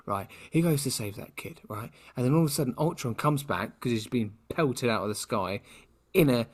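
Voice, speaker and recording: British male co-host, mid-pitched, rambling and wry in casual chat. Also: lively intonation, moderate pace. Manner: chatty, rambling, playfully sarcastic. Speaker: podcast co-host.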